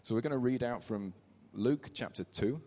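A man's voice: medium pitch, normal speed, warm tone. A man giving a conversational sermon in church, telling a family story and reading scripture aloud. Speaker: preacher. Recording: reverberant church hall.

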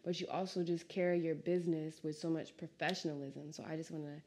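Animated podcast host woman, lowish voice. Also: fast. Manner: warm, emotional, animated bursts. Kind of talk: casual interview chat.

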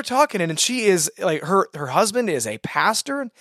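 Young guy telling a church story, excited, keeps restarting his words, dry sound. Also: sits high, normal speed, no room sound. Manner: animated, repeats words and restarts often. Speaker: co-host. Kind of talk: casual testimony storytelling.

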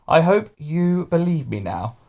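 A man's voice: on the high side, very animated, a little slow, vocal fry, narrow, tinny audio, a little hiss or hum, pitched above the performer's own voice, exaggerated voice. A man voicing a kindly, fussy male schoolteacher with magic powers in a storybook reading. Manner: gentle, then anxious and cross.

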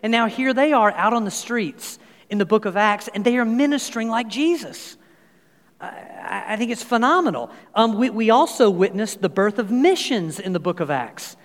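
A pastor in his fifties preaching in a church through a sound system, an animated storyteller with many fillers and restarts. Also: high voice, moderate pace. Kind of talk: sermon with personal anecdotes. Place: church sanctuary. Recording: long reverb of a large hall.

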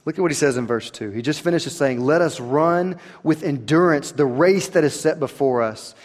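A man, preaching a sermon that swings between quiet, intense stretches and rising emphasis. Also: a little high, moderate pace, in a large hall. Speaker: pastor.

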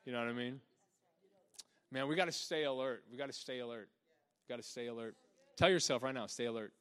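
A young man preaching a sermon, energetic and chatty, laughing often and dropping into a soft low voice to act out quotes. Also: brisk, smooth. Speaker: pastor.

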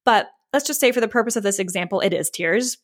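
A woman's voice: medium pitch, fast talker. A woman hosting a solo marketing podcast, talking in a candid, chatty way, swearing casually and acting out what her listeners might say. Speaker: podcast host, marketing coach.

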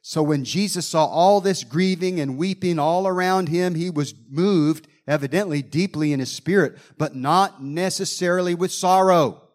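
A man's voice: fairly high pitch, normal speed. A man preaching a sermon, reading scripture verses aloud and explaining them with dramatic emphasis, acting out groans and sighs.

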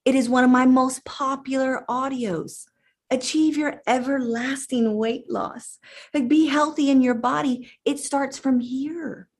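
A woman hypnotherapist in casual talk to her viewers, chatty and emphatic, pausing now and then to gather her thoughts. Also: high voice, fairly even intonation. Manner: chatty and emphatic, addresses listeners directly. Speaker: channeling hypnotherapist.

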